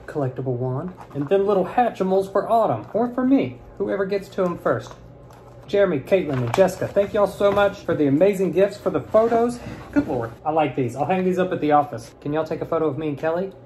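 A young man chatting playfully while opening fan mail, swinging from mumbles to high squeals. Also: lively intonation, a little fast, darkish tone, a little hiss or hum. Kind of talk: casual unboxing chat.

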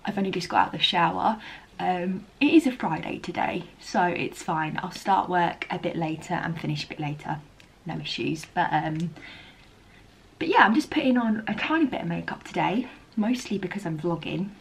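Husky chatty woman vlogger. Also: on the low side, moderate pace. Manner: chatty, upbeat, lots of ums. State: tired, croaky, half-whispering. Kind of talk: casual beauty vlog chat.

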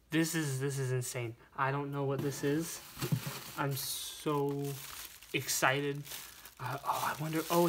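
Excited young man unboxing, noisy room. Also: a little high. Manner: breathless, gushing, stammering with excitement. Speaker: toy car collector vlogger. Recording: noisy room with crinkling bags.

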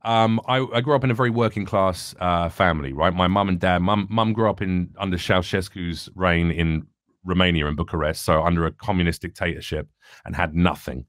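A fairly low-voiced young man speaks candidly and earnestly, thinking aloud with restarts. His voice is dry and close, with no room sound around it. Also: brisk, fairly bright tone, dry recording. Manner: earnest, reflective, rambling with restarts. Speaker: comedian guest. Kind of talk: candid podcast conversation.

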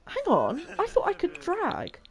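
A woman's voice: extremely high pitch, huge pitch swings, a little slow. A young woman chatting and giggling her way through a life-sim game as a streamer. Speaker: gaming streamer. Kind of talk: casual gameplay commentary.

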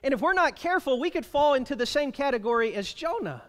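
This sermon comes from a male pastor whose voice is very high and full of animation. His delivery is emphatic, with important phrases drawn out slowly, and the church sanctuary lends everything a long, ringing reverb.

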